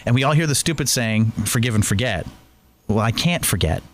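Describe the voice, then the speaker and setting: A male talk-show host with a lively, swooping voice that rises and falls as he talks. He chats earnestly, telling personal stories to draw out his guest. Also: mid-range voice, fairly quick, slight background noise. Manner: chatty storyteller, earnest. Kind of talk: conversational interview.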